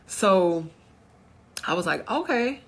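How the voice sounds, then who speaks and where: A woman's voice: low-pitched, a little fast, fairly bright tone, breathy edge. A woman chatting straight to her viewers at home, telling a personal story and acting out what others said. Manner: acts out others' voices in quotes. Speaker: vlogger. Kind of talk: casual storytime vlog.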